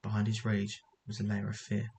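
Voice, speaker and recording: A man's voice: lowish voice, completely flat delivery, brisk, a little mellow, slight background noise, low-quality recording. A man reading a story aloud as narrator, often stumbling and correcting himself as he goes. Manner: reads with frequent stumbles and self-corrections.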